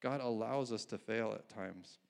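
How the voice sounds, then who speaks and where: A man's voice: fairly low pitch, measured pace, vocal fry. A male pastor giving a conversational sermon, often restarting his phrases and chuckling at his own asides.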